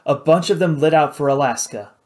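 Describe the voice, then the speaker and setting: A man voicing a tough pilot hero in an audiobook, blunt and wry, his tone a touch higher than his narration. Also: fairly quick, darkish tone, natural voice. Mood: urgent. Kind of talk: audiobook character voice.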